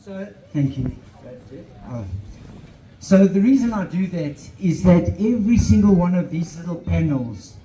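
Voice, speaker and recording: This motivational speaker, a man with a South African accent, talks earnestly through a handheld microphone at an outdoor event, mixing in Afrikaans phrases. His high voice has a dark tone, lively intonation and a moderate pace, captured in a low-quality, echoey recording.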